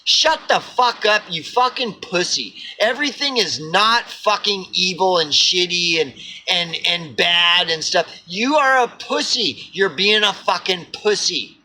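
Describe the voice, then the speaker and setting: A man's voice: sits high, animated, unhurried, bright, forceful tone, slight background noise, heavily acted. A man voicing his harsh inner cynic. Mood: scolding. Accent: Oklahoma. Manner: barking, insulting, profane.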